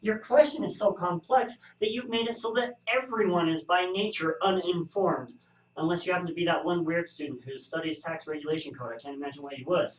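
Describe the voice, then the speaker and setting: A statistics instructor with a fairly high voice and a slightly fast delivery lectures on survey bias, throwing in wry, joking asides. It's a recorded classroom lecture, captured by a distant mic in an echoey room.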